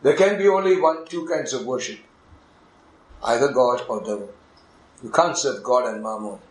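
A man preaching a sermon as a pastor, in animated delivery that swings from loud, soaring climbs to near-whispers, with non-native English grammar as he acts out conversations. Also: medium pitch, normal speed, echoey room, rough recording.

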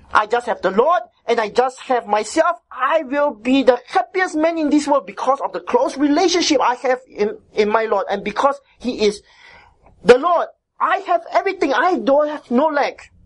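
A woman preaches a sermon in a somewhat high voice. She teaches in an emphatic, repetitive way and keeps checking in with her listeners with "right?" and "isn't it?". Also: expressive, normal speed.

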